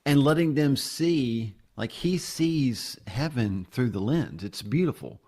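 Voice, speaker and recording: A man's voice: mid-range voice, expressive, takes it slowly, mellow. A man who is a pastor and podcast host, chatting casually and telling self-deprecating stories. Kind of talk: casual interview chat.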